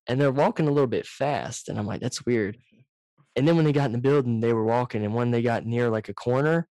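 A man hosts a casual podcast over a video call, telling stories in an animated, profane way. His mic sits right up against him, so he comes through loud and close. The sound is dry. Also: medium pitch, no room sound. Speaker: podcast host. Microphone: too close to the microphone, loud.

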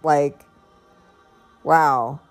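Slow-talking chatty woman vlogger. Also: low voice, fairly even intonation, faint music behind. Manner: chatty, rambling, laughs often, faith-filled. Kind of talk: casual personal vlog.

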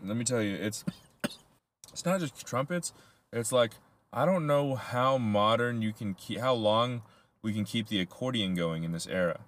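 A man's voice: on the low side, normal speed. A young man co-hosting a casual podcast chat, rambling through his answers with frequent laughs and casual swearing. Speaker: podcast co-host.

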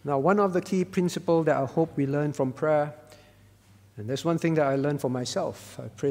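High-voiced husky pastor preaching in a hall. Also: male voice, animated, normal speed. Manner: earnest preaching, drops to soft pleading when voicing prayers. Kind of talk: sermon.

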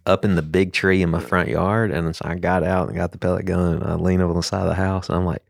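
A man, co-hosting a podcast in casual chat, telling animated stories and laughing often. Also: sits low, quick pace, vocal fry, dry recording, studio quality. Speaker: podcast co-host.

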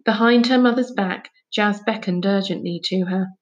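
A woman's voice: mid-range voice, normal speed, muffled recording. Woman reading a children's storybook. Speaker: audiobook reader. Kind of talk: storybook narration.

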